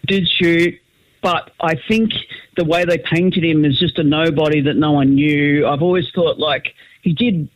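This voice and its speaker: A man from Australia with an Australian accent, calling in to a talk show and joking, with halting restarts. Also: a little high, no room sound. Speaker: caller. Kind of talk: casual phone call. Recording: tinny phone line.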